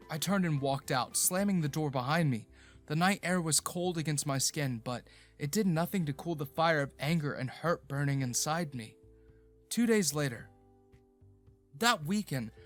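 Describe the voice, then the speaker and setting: A man reads a first-person romance story in a steady storytelling voice. His pitch sits a little high, and faint background music runs underneath. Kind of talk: scripted first-person narration.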